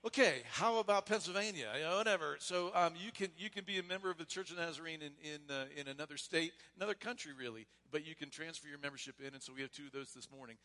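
A man serving as pastor, leading a church membership service in a loose, casual way and then reading vows and creed in a measured voice. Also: on the high side. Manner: casual and warm, with frequent restarts; reads liturgy aloud in a measured voice. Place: church sanctuary.

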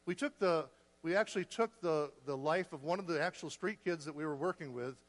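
A man's voice: a little high, a little fast. Man telling a missionary story in a hall. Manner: folksy, laughing, acts out dialogue. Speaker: missionary speaker. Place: church hall. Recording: reverberant hall.

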